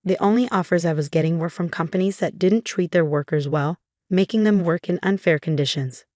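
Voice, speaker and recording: A woman's voice: fairly low pitch, a little fast, a little mellow, no room sound, clean studio sound, natural voice. A woman voicing a stern, loyal young male employee, earnest and serious, in a storybook narration.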